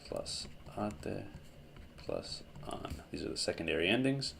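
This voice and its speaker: A man with a very low, gravelly voice teaches a grammar lesson. He explains step by step in an unhurried, methodical way, pausing to correct himself. Faint room noise sits behind him. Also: huge pitch swings, fairly bright tone. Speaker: language teacher.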